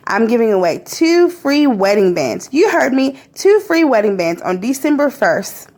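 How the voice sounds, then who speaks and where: A woman, talking through a casual vlog in an excitable, gushing way, often laughing. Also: a little high, normal speed, few pauses, low-quality recording. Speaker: vlogger.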